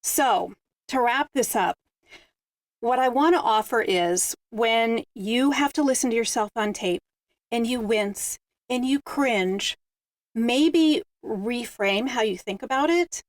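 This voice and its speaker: A woman's voice: on the high side, takes it slowly, no room sound. A woman hosting a panel discussion, speaking in a reflective, storytelling way. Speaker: host.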